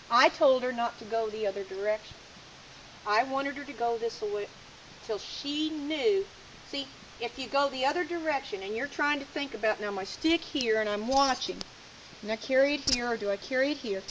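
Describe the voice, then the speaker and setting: High-voiced folksy woman coaching outdoors. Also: fairly bright tone, a little hiss or hum, rough recording. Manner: folksy, direct, giving commands. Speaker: sheepdog training instructor. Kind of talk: hands-on coaching lesson. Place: outdoors in a sheep field.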